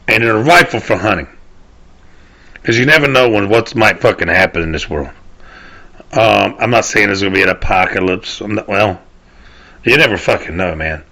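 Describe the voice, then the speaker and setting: This Southern American man hosts his own podcast and rants casually on his own, rambling, cursing, and repeatedly trailing off to restart. His voice sits on the low side and sounds pushed and bright.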